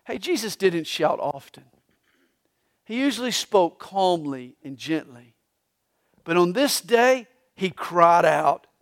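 A pastor preaching a live Sunday sermon in a church, telling the story dramatically and swinging between hushed and loud passages. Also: male voice, high voice. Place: church sanctuary during a live Sunday service.

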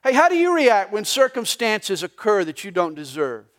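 A man with a Southern US accent delivers a live sermon in a church service. His voice sits high for a man. He swings from loud, lively declarations to quiet, hushed asides. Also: moderate pace. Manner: animated preaching, voices for God and Job, rising and dropping to a hush. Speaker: pastor.

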